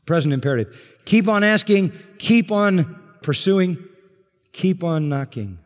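A man preaching an expository sermon to a congregation, emphatic and climbing to forceful peaks on key words. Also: a little high. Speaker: pastor. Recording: long hall reverb.

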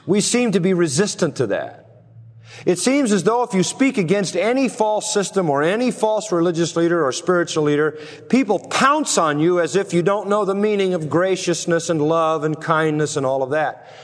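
A man preaching an expository sermon, earnest and emphatic, dropping low and slow on solemn words. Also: animated, big-room sound. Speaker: pastor.

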